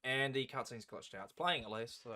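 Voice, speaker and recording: A man's voice: medium pitch, fairly quick, pushed and bright. A man casually commentating his own speedrun with joking, sarcastic asides.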